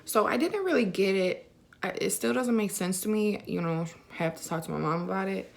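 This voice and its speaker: A woman's voice: medium pitch, lively intonation, normal speed, vocal fry. A young woman vlogger casually telling a personal story to camera, filling her talk with "like" and "you know.". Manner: chatty, many fillers like "like" and "you know".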